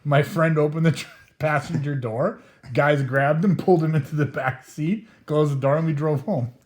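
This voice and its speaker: A man's voice: a little high, normal speed, darkish tone. A middle-aged man casually telling a rambling, profane anecdote, often chuckling as he talks. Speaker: storyteller host.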